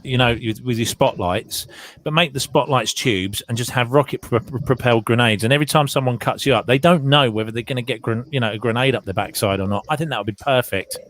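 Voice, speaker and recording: A trucker in casual chat, halting and restarting as he pitches goofy ideas. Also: fairly bright tone. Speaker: truck driver.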